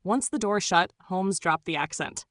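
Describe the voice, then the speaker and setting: Woman audiobook narrator, low, steady, dry close sound. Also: a little slow, no echo. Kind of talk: scripted first-person narration.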